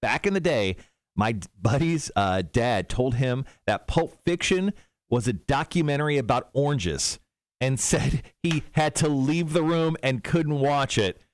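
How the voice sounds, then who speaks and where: A man co-hosting a morning radio show, telling stories in a playful, animated way and laughing often. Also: medium pitch, measured pace, dry recording. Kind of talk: casual morning radio banter. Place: radio studio.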